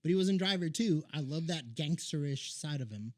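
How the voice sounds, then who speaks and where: A drunk podcast co-host tells stories in an excited, stumbling ramble, often repeating his words. His voice sits quite high for a man. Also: brisk. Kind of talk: casual drunk chat.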